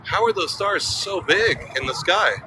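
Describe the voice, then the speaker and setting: A man's voice: high voice, lively intonation, moderate pace. Joking man live-streaming outdoors. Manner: joking, chatty, breaks into off-key singing. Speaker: vlogger. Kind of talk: live-stream walking chat with viewers. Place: outdoors on a bridge with traffic. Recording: outdoor street recording, noise behind.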